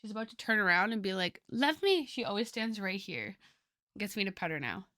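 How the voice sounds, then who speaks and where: A woman in her twenties streams, chatting casually with viewers in a lively, chatty way full of fillers. Her mid-range voice moves fairly quickly, and the studio-quality recording has no echo.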